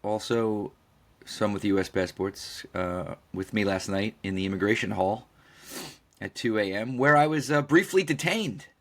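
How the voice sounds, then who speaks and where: A man's voice: lowish voice, a little slow. A man co-hosting a podcast, telling a story casually, acting out the quoted dialogue and swearing freely. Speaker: podcast co-host.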